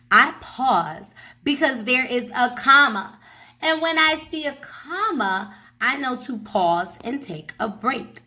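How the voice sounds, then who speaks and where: A woman teaching a first grade reading lesson in a slow, emphatic manner, often checking in with her pupils. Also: sits high, very animated, bright, forceful tone. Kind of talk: recorded classroom lesson. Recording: echoey room, mic far off.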